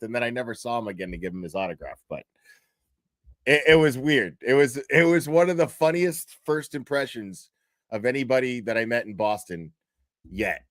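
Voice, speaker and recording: A man's voice: medium pitch, expressive, a little fast, fairly bright tone, no echo. A man hosting a livestream and telling a story in a loose, rambling, profane way, with restarts and bursts of laughter. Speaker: livestream host. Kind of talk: casual livestream commentary.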